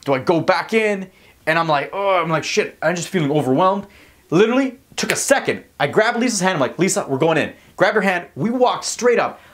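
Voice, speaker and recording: Animated young man telling a story. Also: high voice, brisk. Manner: animated, emphatic, repeats words and says "literally" and "like" a lot. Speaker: vlogger and public speaking coach. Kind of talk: personal storytelling to camera.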